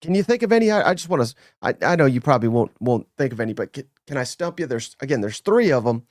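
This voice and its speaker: A man hosting a casual sports podcast, energetic and teasing, giving shout-outs to listeners. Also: mid-range voice, quick pace, no room sound, studio quality. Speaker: podcast host.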